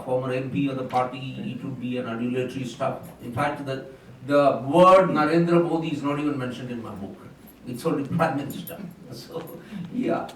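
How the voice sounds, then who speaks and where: An older man with an Indian English accent, speaking at a round table discussion and telling emphatic, anecdotal stories as a former civil servant. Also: mid-range voice. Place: conference hall. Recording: very echoey hall, distant mic, faint noise.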